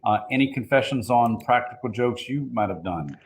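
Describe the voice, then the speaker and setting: A male interviewer asks his guest questions in a halting way, full of ums and uhs. His pitch is average. A faint hiss of noise sits behind him. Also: expressive. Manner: hesitant, filler-heavy.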